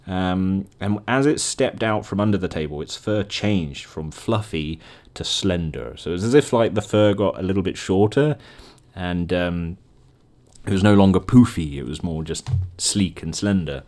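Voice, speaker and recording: Deep-voiced rambling man. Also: moderate pace, a little mellow. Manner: rambling, chatty, laughs at himself. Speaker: podcast host. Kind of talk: casual solo storytelling.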